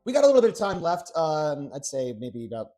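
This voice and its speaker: Very animated and brisk, a young man with a slightly high but dark-toned voice cooks while live streaming. He rambles through anecdotes and addresses his chat directly over faint background music.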